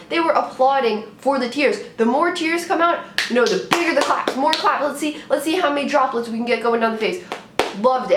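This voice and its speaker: A young woman chats about sports straight to camera, playful and loose, often circling back and restarting her sentences. Her voice sits at an ordinary pitch for a woman. The room around her gives a noticeable echo, with a faint hum of ambience behind. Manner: chatty, playful, rambling with restarts. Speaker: sports vlogger. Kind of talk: casual talk to camera.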